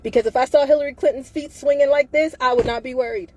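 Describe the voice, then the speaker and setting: A woman holds forth in a live video monologue. Her voice sits a little high but sounds mellow and warm. She talks fervently and keeps circling back to rhetorical questions. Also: steady tone, quick pace, a little hiss or hum. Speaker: livestreamer.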